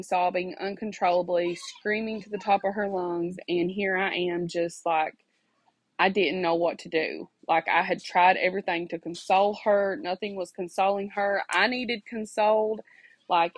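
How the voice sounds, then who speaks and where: Speaking at a measured pace in a lowish, steady voice, this woman gives a personal testimony meant to encourage faith. She addresses her audience directly in a preachy, earnest way, recounting her life as a mother and repeating phrases for emphasis. The low-quality recording carries no room sound.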